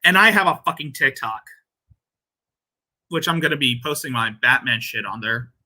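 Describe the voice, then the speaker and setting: Male commentary host, crude and rambling, very bright edgy tone. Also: mid-range voice, lively intonation, moderate pace. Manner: crude, rambling, laughing at his own jokes. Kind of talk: casual reaction commentary.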